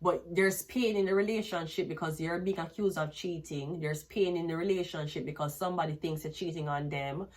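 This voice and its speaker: A woman's voice: low voice, fairly quick, hardly any pauses, darkish tone. A woman giving a rambling, blunt tarot reading, crude and casual. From Jamaica. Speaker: tarot reader.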